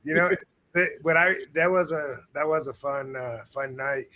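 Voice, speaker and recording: A man hosting a podcast, chatting casually in a laid-back, drawn-out way. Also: on the high side, pushed and bright. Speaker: podcast host. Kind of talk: casual chat.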